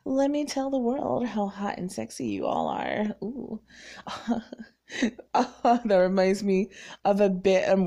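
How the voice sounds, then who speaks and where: A woman hosting her own podcast, talking casually and rambling with lots of fillers and quick bursts. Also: mid-range voice, mellow. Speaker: podcast host. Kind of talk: casual solo podcast monologue.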